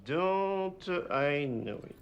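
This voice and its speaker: An actor playing a surly, deadpan French clerk with a French accent in a TV comedy-drama. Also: male voice, fairly high pitch, very slow, dull audio, over loud music, exaggerated voice. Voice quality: deadpan, dry.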